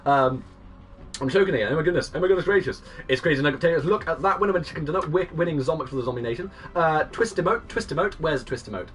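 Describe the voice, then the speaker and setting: A young man in his twenties live-streaming a game, greeting and thanking viewers and breaking into excited shouts. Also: on the high side, very fast, recorded from a distance. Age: 20s. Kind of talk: live-stream chat reading out viewers' messages.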